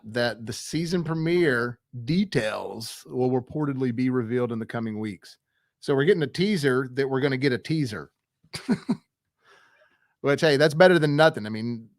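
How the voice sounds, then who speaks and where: Casual guy, young, mid-pitched, hosting a movie news show with excited chatter, dry close recording. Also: no echo. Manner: chatty, enthusiastic, rambling with fillers and viewer asides.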